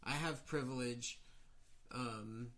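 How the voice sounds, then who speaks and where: Bright-voiced young man, thoughtful guest. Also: medium pitch, takes it slowly. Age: young adult. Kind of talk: interview answers. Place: his own home.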